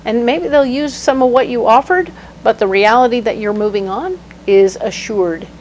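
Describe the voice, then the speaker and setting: A woman giving a casual tarot reading, animated and playful, breaking into sudden exclamations. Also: a little high, normal speed, a little hiss or hum, low-quality recording. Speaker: tarot reader.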